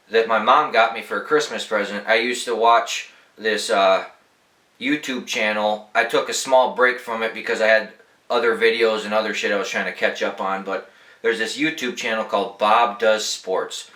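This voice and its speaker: A young man tells casual, rambling anecdotes, swearing freely in a relaxed way. His voice sounds bright and forward. The room around him is echoey. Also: fairly low pitch, moderate pace. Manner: laid-back, profane, rambling anecdotes. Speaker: podcast host. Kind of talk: casual storytelling.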